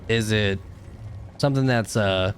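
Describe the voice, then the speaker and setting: A man's voice: fairly low pitch, a little slow, background noise. A young man doing live game commentary as a streamer, chatting with viewers and breaking into frustrated outbursts. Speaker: gaming streamer.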